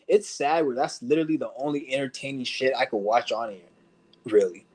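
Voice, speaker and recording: A man's voice: medium pitch, animated, brisk, a little mellow. A man ranting to his stream audience in a blunt, profane way, laughing often as he talks. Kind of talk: casual rant to camera. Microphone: streaming setup.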